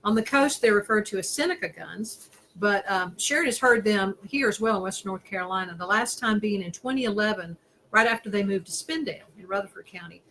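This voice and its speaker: A woman's voice: medium pitch, brisk, bright, forceful tone, a little hiss or hum, rough recording. A woman hosting a casual interview over a video call, curious and enthusiastic, reading out listener messages. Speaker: host.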